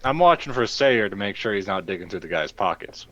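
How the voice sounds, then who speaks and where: A man's voice: lowish voice, animated, brisk, fairly bright tone, lo-fi sound, a little hiss or hum. A man playing a tabletop game, casual and blunt. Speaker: player.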